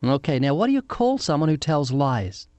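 A man's voice: on the high side, big pitch swings, moderate pace, mellow, no room sound. A man with a New Zealand accent, questioning a young woman on a phone line with light teasing. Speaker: street evangelist.

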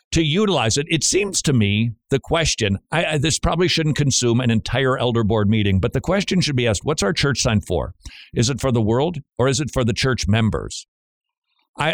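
A man's voice: medium pitch, no echo, studio quality. A man hosting a radio talk show in a casual, joking way, laughing often and stammering on repeated words.

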